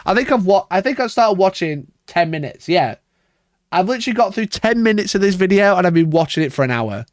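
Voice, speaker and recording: A man's voice: high-pitched, animated, fairly quick, no room sound, studio quality. A man ranting on a casual livestream, exasperated and sarcastic, swearing often and laughing at himself. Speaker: wargaming YouTuber reacting to a video.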